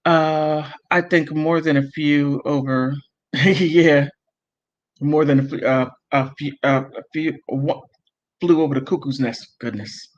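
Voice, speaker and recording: Heated, slow-talking male livestream host. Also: a little high, fairly even intonation. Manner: emotional, heated, self-interrupting and apologetic. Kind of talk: casual livestream commentary, reading chat comments. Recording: dull lo-fi audio.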